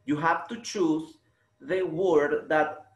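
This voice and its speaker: A man teaching a slow English lesson to young students, stretching words out and repeating them for the class to copy. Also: on the high side, fairly even intonation. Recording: echoey room.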